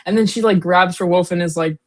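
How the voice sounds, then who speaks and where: A woman's voice: lowish voice, a little fast, a little mellow, slight background noise. A woman co-hosting a casual book discussion podcast, recapping chapters in a rambling, slangy way full of fillers and giggles. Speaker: co-host, daughter.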